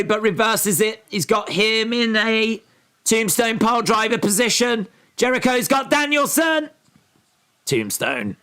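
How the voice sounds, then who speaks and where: English guy on a watch-along stream, slightly high voice, takes his time, calls the moves and reads chat out. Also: a bit bright, clean tone. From England. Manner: calls the match action and reads viewer comments aloud. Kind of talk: casual live commentary and chat reading.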